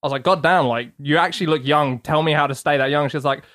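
A young British man in his twenties chats on a podcast, laughing often as he tells bragging stories. His voice sits a touch high for a man. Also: fast, fairly bright tone. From Britain. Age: 20s. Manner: laughing, boastful storytelling. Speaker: podcast co-host. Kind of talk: casual chat.

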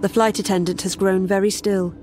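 A woman narrates a first-person horror tale in a wry, sardonic tone. Her voice sits at a mid pitch. Faint music runs beneath her. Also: level tone, brisk.

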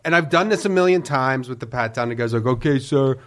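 A man hosting a podcast, telling a profane comic story and loudly acting out the people in it. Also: medium pitch, brisk. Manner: profane, acts out people in quotes, loud bursts of mock yelling.

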